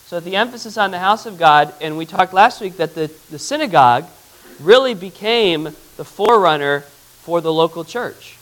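On a rough recording, a pastor with a fairly bright, highish voice teaches the Bible interactively and conversationally. He poses questions to the congregation and reads Scripture aloud at a slow pace.

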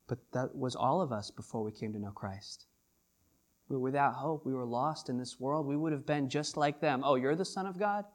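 A man preaching a sermon as pastor, swinging between hushed lines and loud, drawn-out emphasis. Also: medium pitch, fairly even intonation.

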